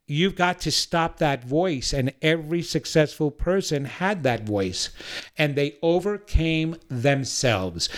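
A man speaking as a podcast guest who offers personal readings, giving an emphatic, blunt motivational talk. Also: on the high side.

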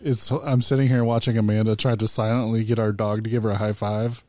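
A man's voice: on the low side, a little fast, dry recording. A man co-hosting a podcast in casual chat, jokey and playful. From United States. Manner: jokey, animated. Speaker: podcast co-host.

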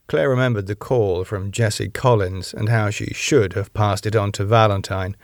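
A man narrating a novel in a plain, even storytelling manner. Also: on the low side, a little slow, few pauses, dry recording, clean studio sound. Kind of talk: audiobook narration.

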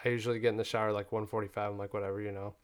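A young man telling a story in casual chat, profane and animated, full of "like" fillers. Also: lowish voice, very fast, smooth.

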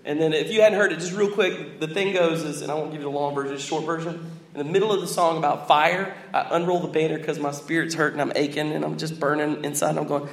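A man preaching and telling a story in a lively, joking way, acting out voices. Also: a little high, quick pace. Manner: animated, jokey, acts out voices. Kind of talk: sermon storytelling. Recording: echoey hall with faint room noise.

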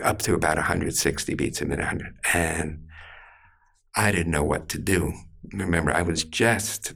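Older male therapist, deep creaky voice, slow deliberate storyteller. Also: fairly bright tone. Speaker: therapist and author. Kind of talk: storytelling in an interview.

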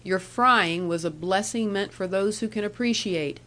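A sly old counsellor who chuckles and teases his guest, booming out his lines with hearty force, as a woman reads him in a storybook. he is a jovial old outlaw, amused by everything. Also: moderate pace, sharp tone. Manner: chuckling, teasing.

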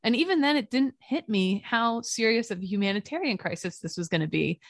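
Young woman co-host, earnest and impassioned, pitched a bit high, dry close sound. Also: animated, brisk, dry recording. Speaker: podcast co-host. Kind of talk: casual political discussion.

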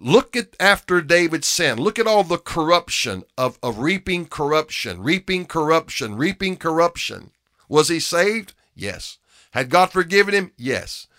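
A man preaching a sermon with emphasis, repeating key phrases and dropping from loud to hushed. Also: a little high, sing-song, a little slow, no echo, studio quality.

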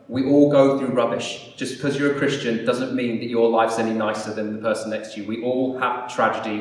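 Preacher in an echoey hall. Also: male voice, mid-range voice. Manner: self-deprecating, rambling with restarts. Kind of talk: sermon and closing prayer. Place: church hall. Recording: echoey hall, distant mic.

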